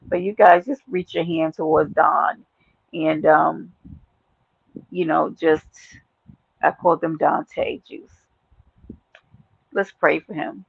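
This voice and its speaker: A woman with a Brooklyn New York accent hosting a casual livestream chat, brash, profane and animated, laughing often. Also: fairly low pitch, creaky, dry recording, lo-fi sound. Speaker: livestream host.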